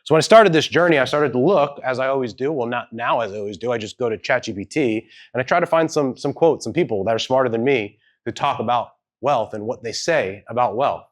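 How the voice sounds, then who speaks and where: A man's voice: medium pitch, a little fast, hardly any pauses. A man speaking at a live event, telling a personal story in a loose, conversational way and acting out the people he quotes. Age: adult with children. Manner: conversational, hedging, acts out quoted dialogue. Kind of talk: storytelling keynote talk. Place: event hall with audience.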